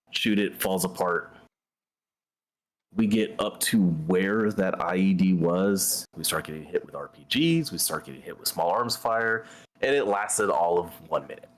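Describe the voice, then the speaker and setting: A man hosting a gaming stream, telling a story in a blunt, profane, conversational way. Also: low-pitched. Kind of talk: casual storytelling while gaming.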